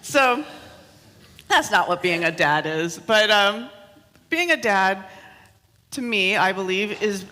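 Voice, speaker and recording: Minister, woman in her 30s, bright tense tone, chatty self-mocking sermon in a reverberant church hall. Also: medium pitch, expressive, takes it slowly, long pauses. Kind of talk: sermon with personal stories.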